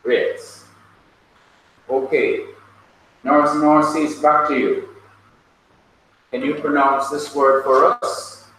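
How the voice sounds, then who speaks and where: A male Hebrew teacher runs a classroom lesson, calling on students by name and patiently drilling their pronunciation. His voice sits a little high, with a level tone and a slow pace broken by frequent pauses, and it sounds pushed and bright. The recording picks him up from far off in an echoey classroom with faint noise.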